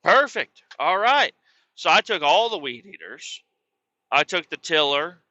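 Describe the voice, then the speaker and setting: A man telling crude, excitable stories on his podcast, acting out both sides of arguments. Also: a little high, a little slow, no room sound, lo-fi sound. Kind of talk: casual storytelling.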